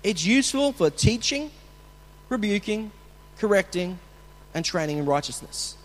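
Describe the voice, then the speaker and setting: Male pastor, sermon, chatty with restarts, high voice, echoing church hall. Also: very animated, unhurried. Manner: conversational, with restarts and acted coach shouts. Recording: long hall reverb.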